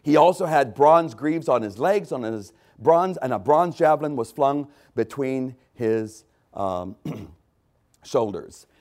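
Animated preaching man, lively pitch. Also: slow pace. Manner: animated preaching, rising to loud urgent outbursts; frequent throat clearing and restarts. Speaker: pastor. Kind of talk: sermon.

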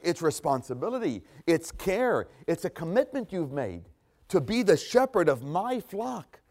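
Guy preaching a sermon, reads scripture then explains it, voice jumps up and down a lot, keeps clearing his throat. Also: a little high. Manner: expository, repeats phrases for emphasis, clears throat often.

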